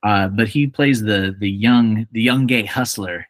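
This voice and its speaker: A low-pitched young man hosting a casual podcast, joking and acting out quick lines. The recording is dry and close, with no room sound. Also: no echo. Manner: joking, animated, acts out quotes. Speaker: podcast host. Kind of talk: casual chat.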